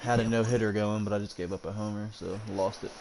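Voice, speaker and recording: A man's voice: lowish voice, fairly even intonation, fast, low-quality recording. A man giving brief, laid-back replies while playing a video game. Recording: stadium crowd noise from the game.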